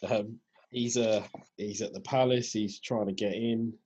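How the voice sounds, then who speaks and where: A man co-hosting a podcast, recapping events in a laid-back, casual way with a husky voice. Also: lowish voice, fairly even intonation, unhurried, darkish tone. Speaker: podcast co-host. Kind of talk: casual chat. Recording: dull lo-fi podcast audio.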